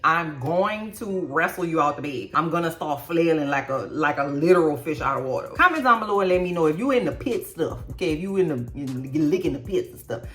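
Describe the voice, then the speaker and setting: A woman's voice: fairly low pitch, fairly bright tone. A woman hosting a casual show recap, blunt and profane, with mocking asides. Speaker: YouTube recap host. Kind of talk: casual reaction commentary.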